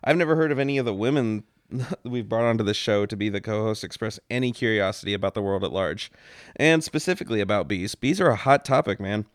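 A man bantering on a comedy radio show in a blunt, deadpan way, from a studio microphone. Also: lowish voice, fast, no room sound. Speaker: radio co-host.

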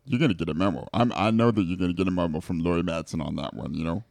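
A man co-hosting a comedy radio show, rambling and halting through his lines with plenty of fillers, from a studio microphone. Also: deep voice, vocal fry, a little mellow, dry recording. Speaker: radio co-host.

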